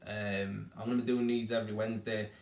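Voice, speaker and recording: Chatty Leeds man, low voice, echoey room. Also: level tone, quick pace, gravelly, darkish tone, a little hiss or hum. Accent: Leeds Yorkshire. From Leeds, England. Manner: chatty, blunt, down-to-earth, full of "mate" and "man". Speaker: tradesman hosting a weekly live Q&A stream. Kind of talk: casual live-stream chat giving advice. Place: baby's room at home.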